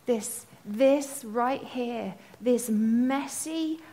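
Woman preacher, high voice, impassioned storytelling sermon, breaks into song. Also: slow, hardly any pauses, a little hiss or hum. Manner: passionate storytelling, sings snatches of worship songs; builds to loud, impassioned proclaiming.

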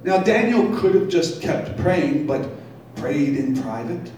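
A man's voice: a little high, big pitch swings, darkish tone, slight background noise. A male pastor reading scripture aloud and stopping to explain it in a sermon. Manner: reads scripture, then pauses to explain it. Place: brewery taproom. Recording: very echoey room, distant mic.

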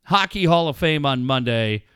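A man hosts a casual talk show, his pitch swinging widely as he jokes and rants. He swears freely. The close mic sounds dry. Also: moderate pace, clear, resonant tone, no room sound. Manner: lively, profane, ranting. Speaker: host. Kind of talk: casual radio chat.

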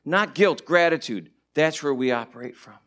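Man, pastor, sermon, fairly high voice, animated, loud and hushed by turns. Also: normal speed. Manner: animated storyteller, swings between loud and hushed asides. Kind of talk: sermon, Bible teaching.

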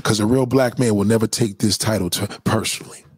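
Husky man in a heated profane rant. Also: lowish voice, steady tone, brisk, dry recording, studio quality. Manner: heated, profane, sing-song jabs. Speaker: vlogger. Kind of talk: ranting commentary video.

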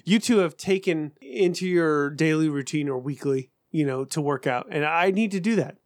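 A man's voice: a little high, moderate pace, no room sound, studio quality. Swearing, rambling man in his thirties. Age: 30s. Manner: rambling, swears a lot, self-mocking. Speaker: podcast co-host. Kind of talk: casual profane chat.

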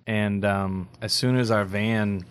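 A man with a fairly low voice, a deacon from Louisiana, talks in a friendly, joking way. He often pauses on "um" as he tells light stories in an easy radio chat. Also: fairly even intonation, a little hiss or hum. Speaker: deacon, guest co-host. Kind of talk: casual chat.

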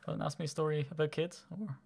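Podcast co-host, male, 30s, from Ireland; fast, jokey, slightly high voice. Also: fairly even intonation, creaky, a little mellow. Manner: quick, jokey, teasing. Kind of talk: casual chat.

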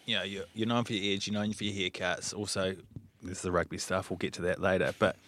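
A man's voice: sits low, steady tone, fast talker, fairly bright tone, a little hiss or hum. A male podcast host interviewing a guest in a studio, teasing him with leading questions and chuckling along. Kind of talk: casual banter interview.

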